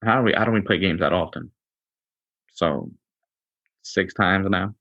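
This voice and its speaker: A man's voice: sits low, moderate pace, a bit bright, no echo, lo-fi sound. A man co-hosting a podcast in casual chat, laid-back, often stammering and restarting his sentences. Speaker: podcast co-host.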